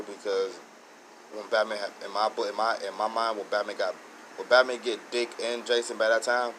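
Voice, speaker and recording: A man with a fairly low voice talks through a show episode in a loose, excitable way, restarting sentences as his thoughts run ahead. A steady hum of air conditioning and background noise sits under his voice. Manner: rambling, excited, many restarts. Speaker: show host reviewing episodes. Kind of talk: casual solo review.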